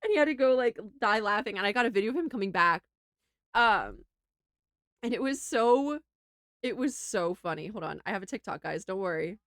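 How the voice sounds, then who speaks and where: A young woman streamer telling a funny travel story to her chat, animated and giggly, with lots of laughing and filler words. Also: mid-range voice, a little fast, no room sound, studio quality. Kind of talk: casual storytelling to a livestream chat.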